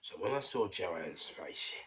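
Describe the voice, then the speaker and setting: Low-voiced London man telling a story. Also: animated, takes it slowly, very noisy. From England. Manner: swings between hushed and loud, repeats phrases. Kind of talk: casual personal storytelling.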